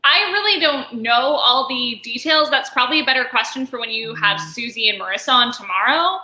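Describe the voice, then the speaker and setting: A woman's voice: fairly high pitch, lively intonation, brisk, bright, forceful tone, roomy sound, poor audio. A woman with a Canadian accent, a voice actress guest chatting in an interview and acting out the dialogue she quotes. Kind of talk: casual interview chat.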